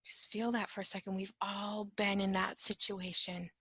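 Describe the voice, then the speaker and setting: A woman's voice: medium pitch, level tone, normal speed, slightly rough, dry recording. A woman giving an informal spoken lesson, talking conversationally, often asking "right?" and sometimes dropping to a whisper. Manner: conversational, keeps asking "right?", acts out little dialogues; drops to a soft whisper at times. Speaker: empath teacher.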